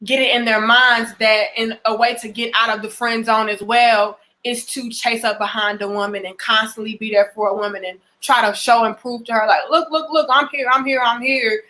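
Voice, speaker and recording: Blunt, bright-voiced woman giving advice. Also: fairly high pitch, flat delivery, moderate pace, few pauses. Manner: blunt and emphatic, swears freely; repeats and restarts phrases. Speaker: relationship vlogger. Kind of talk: casual direct-to-camera advice.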